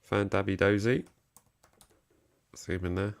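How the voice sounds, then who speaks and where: A deep, gravelly English man co-hosts a football fan live stream. He jokes easily and reads out viewer comments. The sound is close and dry. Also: fairly even intonation, a little slow, no room sound. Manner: jokey, reads chat aloud, chuckles and trails off. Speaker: co-host of a football fan show. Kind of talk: casual live-stream chat.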